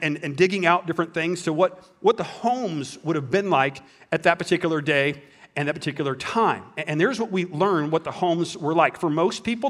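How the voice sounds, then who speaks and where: A man with a somewhat bright, higher voice preaches a sermon as a pastor. He tells a story with jokes, often restarting his sentences.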